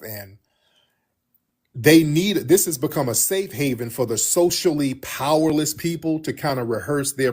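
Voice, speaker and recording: Male livestream host, husky, blunt and mocking. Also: mid-range voice, darkish tone. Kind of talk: casual livestream talk.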